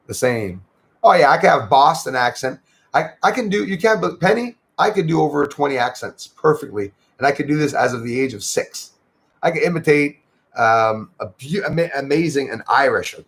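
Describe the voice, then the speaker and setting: Gravelly-voiced man chatting on a livestream. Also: mid-range voice, low-quality recording. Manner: chatty, upbeat, thanks viewers by name. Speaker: livestream host. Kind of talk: casual livestream chat with viewers.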